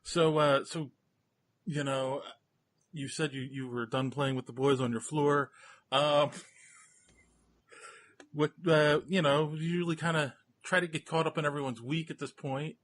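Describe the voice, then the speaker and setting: An older man hosting a podcast, who laughs often and talks in a halting, chatty way. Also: fairly high pitch, fairly even intonation, fairly bright tone. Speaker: podcast host. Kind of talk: casual chat.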